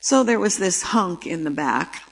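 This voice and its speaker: Older female lecturer, lowish voice, animated storyteller who acts out the dialogue. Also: measured pace, gravelly, poor audio. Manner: lively anecdotal storytelling, acting out dialogue. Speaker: speaker giving a talk on the brain.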